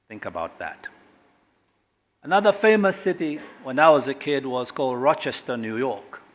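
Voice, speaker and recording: A middle-aged man from Kenya, a government guest speaker at a corporate launch, speaks emphatically and swings sharply between loud and quiet. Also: medium pitch. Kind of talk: public speech at a corporate launch.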